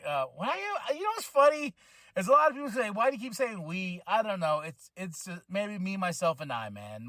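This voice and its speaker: Excitable high-voiced man, dry sound. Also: dry recording. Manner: excitable, rambling, quick restarts and self-corrections; breaks into laughter and shouted exclamations. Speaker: wrestling podcast host. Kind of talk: casual solo podcast chat.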